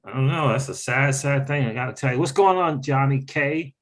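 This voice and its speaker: A man hosting a casual crypto livestream with an average, mid-range voice. He talks in an animated, exclaiming way and doubles up on phrases for emphasis. Between points he reads out and thanks viewers from the chat. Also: mid-range voice, brisk.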